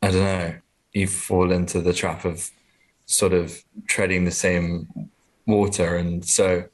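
A comedian with a low-pitched, fairly flat voice speaks slowly as an interview guest. His casual chat is hesitant and self-deprecating, with many restarts.

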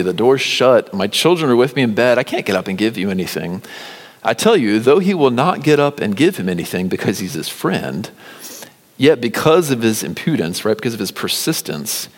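Animated pastor preaching in a reverberant hall. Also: male voice, low-pitched, a little fast. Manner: animated, swings between loud emphasis and whispered appeals. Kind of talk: sermon.

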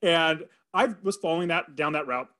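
Man, middle-aged, podcast guest, earnest storyteller, fairly high voice, acts out his own thoughts. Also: moderate pace, sharp tone. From California. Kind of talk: storytelling in an interview.

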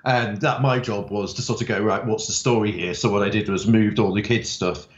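A man's voice: fairly low pitch, steady tone, fairly quick, roomy sound, dull audio. A man, a writer, chatting in an interview and telling stories with many fillers. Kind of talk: interview conversation.

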